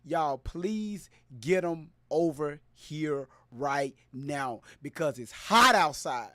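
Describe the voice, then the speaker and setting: A man hosting a casual live stream, loud and playful, hyping up his viewers and greeting them by name. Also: sits high, very animated, unhurried, few pauses, no room sound, studio quality.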